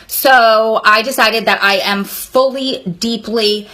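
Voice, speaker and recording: Earnest high-voiced woman in her thirties. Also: fairly even intonation, slow pace, sharp tone. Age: 30s. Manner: earnest, emphatic, talks straight to viewers. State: sweaty, hot room. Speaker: vlogger. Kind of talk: emotional advice monologue.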